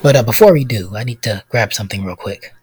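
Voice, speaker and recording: A man hosting a scripted parody talk show in a deadpan, teasing manner. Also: on the low side, quick pace, slight background noise. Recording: music and crowd laughter behind.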